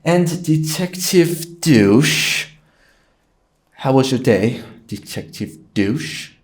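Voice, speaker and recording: A man's voice: mid-range voice, lively intonation, drawn-out words, voice pushed up. A man imitating a suave, mocking devil character from a TV series. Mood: teasing.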